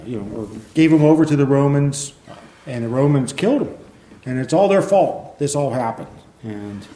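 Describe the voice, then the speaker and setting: Speaking in a medium pitch, this preacher has a warm, mellow tone and a relaxed, chatty sermon style full of little asides. Between his remarks he reads passages of scripture aloud, and a roomy, church-hall echo fills the recording.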